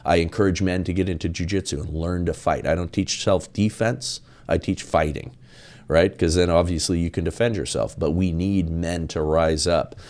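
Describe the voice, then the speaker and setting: Really low-voiced guy on a podcast, preachy and punchy, keeps repeating himself for emphasis. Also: steady tone, moderate pace, darkish tone. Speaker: guest. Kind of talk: podcast interview.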